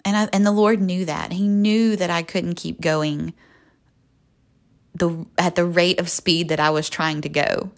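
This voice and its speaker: A woman's voice: on the low side, fairly even intonation, unhurried. A young woman speaking earnestly and folksily as the host of a faith podcast. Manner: earnest, folksy, with soft laughs.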